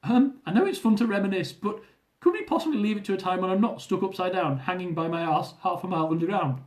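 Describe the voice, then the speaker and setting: A man's voice: animated, fast talker. A man putting on a squealing older mum. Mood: wry. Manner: shrill protesting squeals. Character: older mother, short, giggly, panicky.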